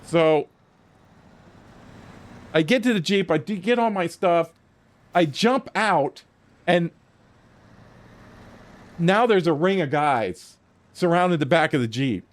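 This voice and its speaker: A man's voice: on the high side, slow, long pauses. A man streaming a game, telling a long story casually with lots of swearing and acting out his own lines. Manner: profane, animated storytelling with frequent restarts. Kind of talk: casual storytelling while gaming.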